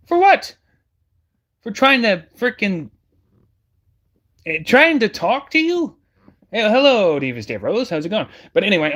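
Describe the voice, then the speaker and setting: A man giving heated, scornful reaction commentary as a streamer, speaking straight to his viewers. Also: fairly high pitch. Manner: emphatic, scornful, addresses the audience directly.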